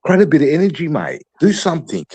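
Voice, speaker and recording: A man's voice: fairly high pitch, wildly swooping pitch, quick pace, a little mellow, husky, low-quality recording. An Australian man on a podcast, ranting in a fired-up, profane way about how the team should play, like a coach giving orders. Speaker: podcast panelist. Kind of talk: heated sports chat.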